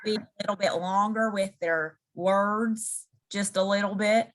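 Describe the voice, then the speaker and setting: A woman's voice: medium pitch, steady tone, unhurried, fairly bright tone. A woman from Ohio with a plain Midwestern American accent, chatting casually and explaining with examples as an interview guest. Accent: General American, Midwestern. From Ohio, United States. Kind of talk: casual conversation.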